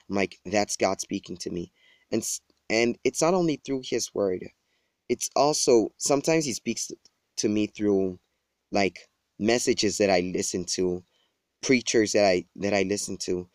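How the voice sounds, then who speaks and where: A man's voice: fairly low pitch, no echo. A man giving a personal devotional talk, earnest and coaxing, with small laughs and restarts. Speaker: preacher.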